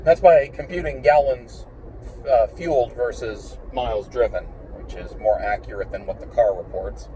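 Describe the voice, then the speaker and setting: A man with a mellow, dark voice rambles bluntly and swears freely while driving. He sounds a little far from the mic inside his car, and a faint engine hum runs underneath. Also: mid-range voice, moderate pace. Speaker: vlogger.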